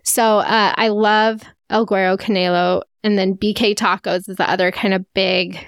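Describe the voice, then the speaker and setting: A woman's voice: medium pitch, level tone, normal speed, clean tone, no room sound, clean studio sound. Chatty woman co-hosting a podcast. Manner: chatty, laughs often, playful asides. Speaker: podcast co-host. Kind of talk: casual chat.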